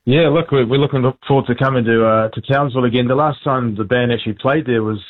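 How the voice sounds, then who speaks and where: A man with a New Zealand accent, a band frontman giving a relaxed, laughing phone interview. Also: mid-range voice, fast. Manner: relaxed, laid-back, laughs easily. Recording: tinny phone line.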